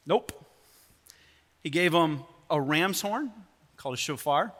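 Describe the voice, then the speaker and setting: A man's voice: high voice, animated, moderate pace, sharp tone. A man preaching a sermon as pastor, telling the story with sarcastic humor in a church. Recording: long church hall reverb.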